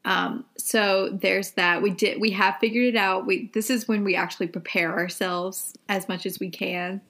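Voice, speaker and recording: A woman's voice: mid-range voice, fairly even intonation, moderate pace, pushed and bright. A young adult woman co-hosting a podcast, chatting casually with many "like" and "um" fillers. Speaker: podcast co-host.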